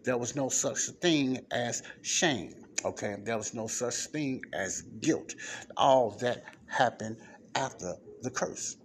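A man's voice: mid-range voice, takes it slowly, a little hiss or hum. A man giving an informal Bible lesson in a conversational way, often checking in with his listeners. He reads passages aloud and explains them. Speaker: Bible teacher. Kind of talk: informal scripture teaching. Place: non-soundproof spot in a library.

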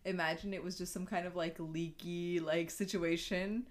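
A woman's voice: fairly low pitch, fairly even intonation, normal speed. A young woman co-hosting a podcast in casual chat, teasing, skeptical and often laughing. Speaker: podcast co-host.

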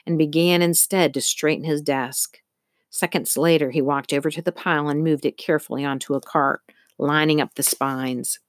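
A woman narrating a children's story aloud in an expressive, measured way. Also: low voice, dry recording, clean studio sound. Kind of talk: audiobook narration.

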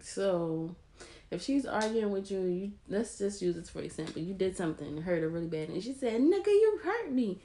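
A woman's voice: lowish voice, normal speed, warm tone. A woman interviewing her son in a casual chat, teasing and blunt.

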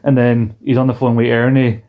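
A man's voice: medium pitch, flat delivery, a little fast, dark tone. A young Scottish man co-hosting a casual film chat, swearing freely, laughing and acting out lines from the film. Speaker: film podcast co-host.

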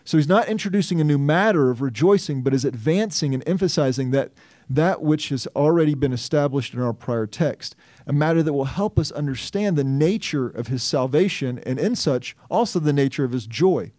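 An earnest male pastor working through a scripture text, with a slightly high but mellow voice. He thinks out loud, restarts phrases and questions himself as he goes. The sound is dry and close to the mic. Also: lively intonation, brisk, no echo. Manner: earnest, reasons aloud with restarts and self-questions. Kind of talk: expository sermon.

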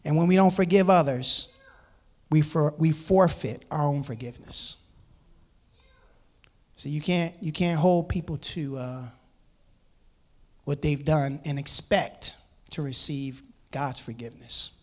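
Speaking a little slowly and pausing often, a fairly high-pitched man delivers a sermon. He reads scripture to his listeners and explains it, repeating words, restarting, and addressing them as "man."

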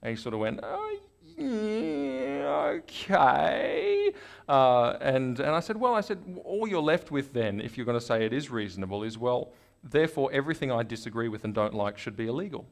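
An Australian man, a guest in an interview, telling stories in a lively conversational way and acting out the people he quotes. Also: mid-range voice, fast talker, few pauses. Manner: animated storyteller, acts out quoted voices.

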